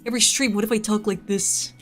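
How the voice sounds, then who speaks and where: A woman streamer putting on a lowered, drawn-out voice as a joke persona. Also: fairly even intonation, soft background music, natural voice. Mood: drawling. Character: slow, low drawling streamer persona, female.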